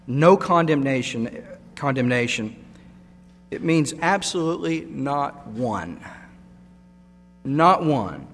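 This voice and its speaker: A man's voice: mid-range voice, a bit bright. A man preaching a sermon, emphatic and repeating key words for stress. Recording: long hall reverb with mains hum.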